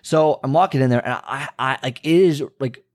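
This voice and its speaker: A man's voice: normal speed, a little mellow. Man, fitness vlogger, chatty and rambling, restarts often, voices quotes. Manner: rambling, self-interrupting, frequent restarts and asides; acts out quoted dialogue with pitch jumps. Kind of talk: casual storytelling monologue.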